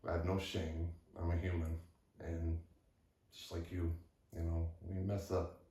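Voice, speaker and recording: Deep-voiced man, candid and halting. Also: level tone, dark tone. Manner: candid, halting, with frequent restarts. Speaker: vlogger. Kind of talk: personal storytelling. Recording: echoey room, far from mic.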